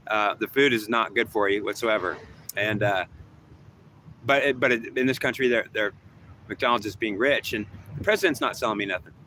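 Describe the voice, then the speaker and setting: A man's voice: on the low side, normal speed, bright, forceful tone, slight background noise, poor audio. A man talking in a rambling, repetitive monologue, often restarting his sentences.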